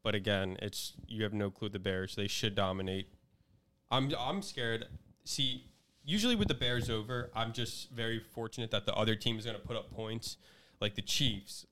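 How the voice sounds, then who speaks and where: A man's voice: on the low side, normal speed, fairly bright tone. A man hosting a casual sports betting podcast, loose and chatty as he runs through the week's games. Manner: loose, chatty, laughs easily. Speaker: podcast host leading the picks.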